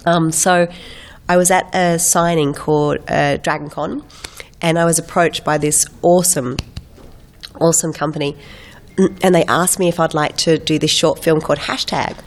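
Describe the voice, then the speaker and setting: An Australian actress in her thirties chatting as an interview guest, animated and quick with impressions, still getting over a head cold. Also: sits low. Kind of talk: casual chat.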